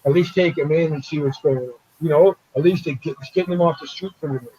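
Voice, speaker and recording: A man's voice: a little high, quick pace, dark tone, breathy edge, muffled recording. A man hosting a casual live-stream chat over a video call, talking bluntly, swearing and acting out the people he quotes. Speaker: show host.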